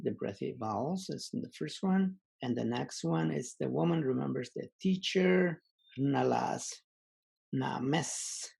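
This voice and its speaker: A man teaching a language lesson online, slowly repeating example words and pausing with many fillers. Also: medium pitch, gravelly, darkish tone, husky.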